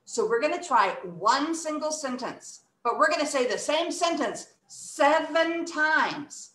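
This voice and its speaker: A woman's voice: high-pitched, animated, a little slow, a bit bright, roomy sound. A woman teaching an English workshop, speaking expressively and acting out emotions and word stress. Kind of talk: online English lesson for children.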